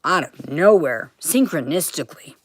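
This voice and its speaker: A woman with a notably low voice rants to her stream audience, swearing in nearly every sentence. The sound is dry and close, with no room around it. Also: animated, moderate pace, slightly rough, no echo. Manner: profane, ranting, swears constantly. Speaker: vlogger. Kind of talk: livestream rant to viewers.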